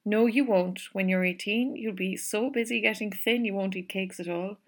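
A woman voicing a cheerful young orphaned kitchen maid who talks in a brisk, homely, teasing way. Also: medium pitch, close to an everyday voice. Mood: brisk, fond.

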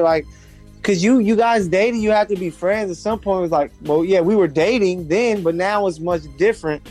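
A man's voice: high voice, normal speed, a little mellow, faint music behind. A man hosting a casual chat podcast, talking in a laid-back, slangy way with friends. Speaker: podcast host.

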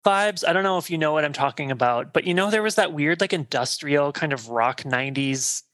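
Bright, effusive man chatting about movies. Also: a little high, brisk. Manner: effusive and gossipy, lots of "like". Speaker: podcast co-host. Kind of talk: casual movie podcast chat.

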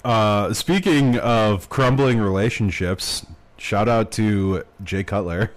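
A man's voice: on the low side, takes it slowly, low-quality recording. A man co-hosting a podcast, telling a story in a rambling, casual way with lots of fillers and swearing. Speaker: podcast co-host. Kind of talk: casual chat.

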